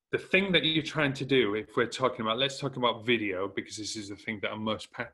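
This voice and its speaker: Bright-voiced man with a Hull accent. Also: fairly low pitch, fast talker, hardly any pauses. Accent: northern English, Hull. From northern England. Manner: direct, encouraging, emphatic repetition. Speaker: speaker coaching business owners. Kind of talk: motivational talk.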